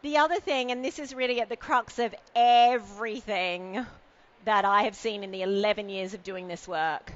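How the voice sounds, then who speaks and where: A keynote speaker with a mid-range voice talks at a moderate pace from a podium on an event stage, poking fun at herself and teasing the crowd. The audio has a lo-fi quality.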